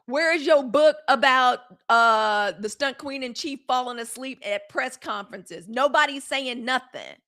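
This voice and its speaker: A middle-aged woman hosting a live news commentary show, blunt and animated, swearing and answering viewer comments from the chat. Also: high-pitched, unhurried, hardly any pauses.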